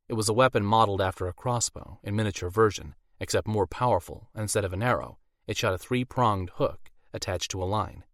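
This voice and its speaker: A man narrates a fantasy novel in a measured, storytelling way. His voice sits on the low side, close on the mic and dry, with no room sound. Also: fairly bright tone, dry recording. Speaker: audiobook narrator. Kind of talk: scripted narration.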